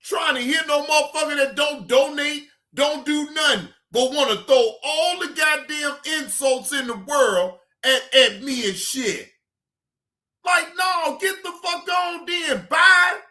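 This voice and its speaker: A reaction streamer delivers a heated, profane rant straight to the chat, repeating curt goodbyes and breaking into shouted bursts. The voice sits high and bright, and the talk moves at an unhurried, drawn-out pace. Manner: repetitive dismissive sign-offs. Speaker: livestream reaction host.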